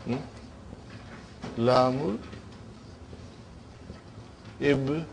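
A man's voice: medium pitch, drawn-out words, vocal fry, slight background noise. A man teaching an Arabic grammar class, lecturing and often checking with his students through short questions.

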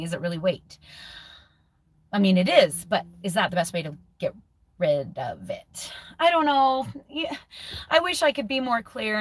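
A woman's voice: medium pitch, no room sound. A woman in her forties talking candidly in a personal video diary, thinking aloud, sometimes restarting her sentences. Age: 40s. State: close to tears. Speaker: vlogger.

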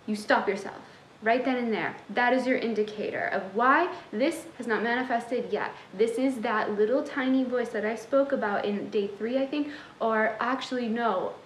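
A woman's voice: a little high, moderate pace, roomy sound, a little hiss or hum, rough recording. A young woman who coaches manifestation, giving a sassy, tough-love motivational talk straight to her viewers.

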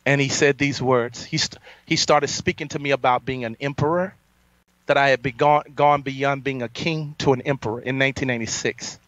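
A man preaching a fiery sermon, boastful and defiant, his voice climbing to loud peaks. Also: mid-range voice, steady tone, a little fast, dry recording. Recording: dull lo-fi sound, dry.

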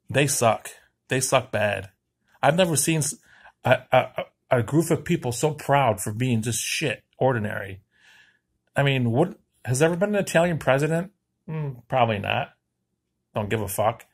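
A man's voice: medium pitch, expressive, measured pace, gravelly, pauses often, husky. An American man delivering a crude, profane comedic rant, heated and swearing constantly. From United States. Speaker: vlogger.

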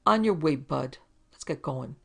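A woman's voice: sits low, expressive, measured pace, vocal fry, full character voice. A woman voicing a flashy, nervous young male gunman who speaks curtly.

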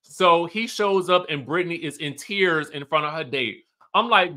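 A man's voice: fairly high pitch, normal speed, pushed and bright. A man hosting casual reality TV recap commentary, chatty and emphatic. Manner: chatty, emphatic, keeps asking "okay?".

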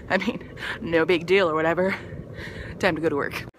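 A woman's voice: on the low side, steady tone, moderate pace, background noise. A woman in her twenties talking casually in a video diary, bubbly, rambling and self-mocking. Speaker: vlogger.

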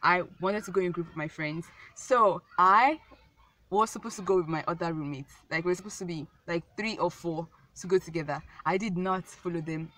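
A woman's voice: fairly low pitch, a bit bright, no room sound. A young woman telling a casual storytime vlog, rambling and repeating herself with many fillers. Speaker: vlogger.

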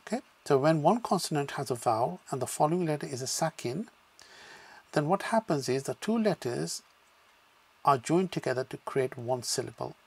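A man's voice: a little high, animated, moderate pace, creaky, breathy edge. A man teaching a beginners' language lesson, patiently sounding out syllables one at a time and then blending them into words, with frequent "okay" check-ins. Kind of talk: slow spoken lesson with drills.

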